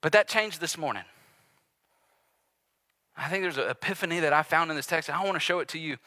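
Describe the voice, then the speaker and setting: A male pastor preaching a sermon earnestly and confessionally, swinging between loud urgency and hushed intimacy. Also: on the high side, brisk, no room sound, studio quality. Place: church sanctuary with live and online audience.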